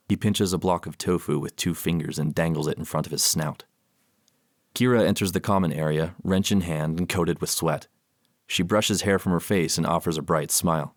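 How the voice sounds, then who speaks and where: This is scripted audiobook narration by a man with a low-sitting voice, told in an even, measured way. The studio-quality recording has no echo.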